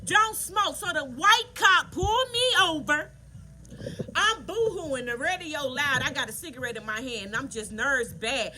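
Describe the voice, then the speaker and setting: High bright woman telling stories. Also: moderate pace, a little hiss or hum. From Southern United States. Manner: animated, preachy, talks straight to viewers. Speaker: nail artist vlogger. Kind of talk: casual storytelling while working.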